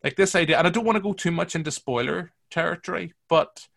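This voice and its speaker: A man's voice: fairly high pitch, fast talker, vocal fry, fairly bright tone. A man hosting a casual film review podcast, teasing his guests and rambling through long opinions. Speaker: podcast host.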